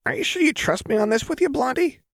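A man's voice: very high-pitched, animated, fast talker, creaky, fairly bright tone, dry recording, studio quality, voice pushed up, full character voice. A man voicing an unhinged, cackling young woman in a fantasy audiobook, with a manic, teasing delivery.

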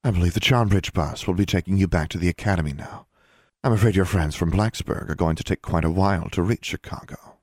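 A man's voice: low-pitched, fairly quick, a little mellow, dry recording, clean studio sound. A male narrator voicing a stern, commanding female wizard inquisitor in a storybook. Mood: brisk. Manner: cold, commanding, clipped.

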